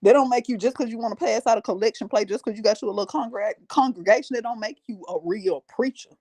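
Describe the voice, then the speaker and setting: A woman's voice: on the high side, quick pace, darkish tone. Blunt, profane woman reacting to a story. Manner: blunt, profane, addresses viewers directly; rhetorical questions to the audience. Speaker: reaction video host. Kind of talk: reaction commentary to a storytime video.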